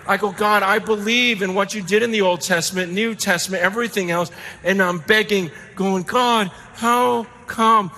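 A middle-aged man preaching a sermon, telling a story with emphatic swings between loud excitement and hushed intensity. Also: sits high, brisk, few pauses, a little hiss or hum. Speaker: pastor.

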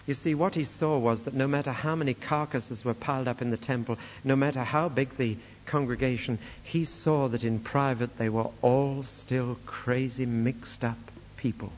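A man's voice: medium pitch, steady tone, normal speed, hardly any pauses, slight background noise. Man preaching in an echoey hall. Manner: quotes scripture with rising force. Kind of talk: sermon. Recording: echoey hall, dull lo-fi sound.

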